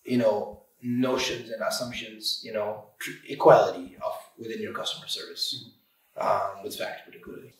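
Shop owner guy on a podcast, emphatic and animated, lots of "you know", sounds far off the mic in a roomy space. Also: on the low side, moderate pace. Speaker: auto repair shop owner. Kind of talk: podcast interview guest.

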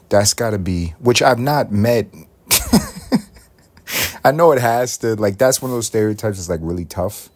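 A man from Puerto Rico hosting a solo podcast, thinking aloud in a rambling, self-questioning way with drawn-out phrases. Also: fairly low pitch, darkish tone. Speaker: podcast host.

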